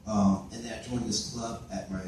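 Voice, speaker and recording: A teenage boy in his late teens gives a personal testimony at church, hesitating often with lots of fillers and restarts. His voice is fairly low, flat in pitch, moderately paced and darkish, with a little hiss or hum. His father recorded it on a camera from far away, so the hall sounds echoey and distant.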